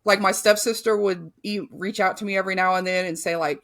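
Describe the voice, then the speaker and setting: This is a woman in her thirties with a gravelly, creaky voice, telling her own hard story on a podcast. She is blunt and swears, and her sentences trail off and restart. The tone stays casual and frank. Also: mid-range voice, steady tone, brisk, hardly any pauses. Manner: frank, profane, full of fillers and restarts. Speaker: podcast host. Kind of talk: candid personal storytelling.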